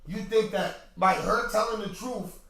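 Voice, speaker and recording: A high-pitched man hosts a podcast, speaking casually and often repeating himself, then rising to shouts. He sounds far from the mic in a strongly echoing room. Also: measured pace, creaky. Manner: animated, repetitive, rising to shouts when worked up. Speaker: podcast host. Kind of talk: casual opinion talk to viewers.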